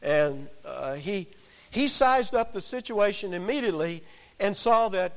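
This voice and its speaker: A man preaching an expository sermon in an animated, conversational way, with joking asides. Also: high-pitched, unhurried, long reverb tail.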